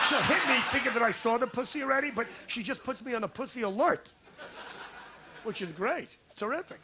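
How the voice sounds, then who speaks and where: A man's voice: very high voice, expressive, brisk, noisy background. A man from the United States doing a crude, brash stand-up routine on a comedy club stage, riffing with the crowd.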